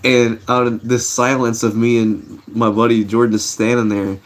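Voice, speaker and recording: A man's voice: medium pitch, little pitch movement, normal speed. A man, middle-aged, telling stories casually to a live chat, laid-back and rambling, with many fillers and restarts. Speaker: livestream host.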